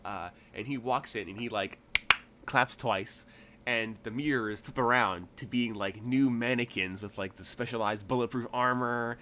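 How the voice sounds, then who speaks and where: A man's voice: medium pitch, normal speed, background noise. A man narrating a tabletop game as game master, rambling through his descriptions with many fillers.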